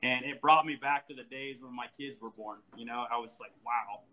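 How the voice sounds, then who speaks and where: A man in his forties talks in a bright, forward voice. He tells stories with animation, laughs often and restarts his sentences mid-thought. The feel is a relaxed, casual chat. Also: mid-range voice, fairly quick, low-quality recording. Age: 40s.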